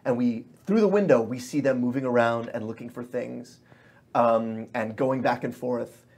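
Husky man narrating a tabletop game. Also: medium pitch, moderate pace, darkish tone. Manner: cinematic scene narration with many fillers. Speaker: game master.

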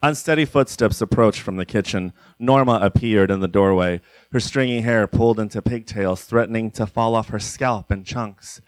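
Deadpan man reading comic story. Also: lowish voice, moderate pace, hardly any pauses, no room sound. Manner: deadpan, breaks into laughter. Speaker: narrator.

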